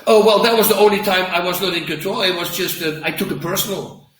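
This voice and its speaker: Man, former fighter, emphatic storyteller, forceful tone, slightly high voice, away from the mic. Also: fast, echoey room, distant mic, rough recording. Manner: emphatic, animated storytelling with acted quotes. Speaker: former fighter, interview guest. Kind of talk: interview answers.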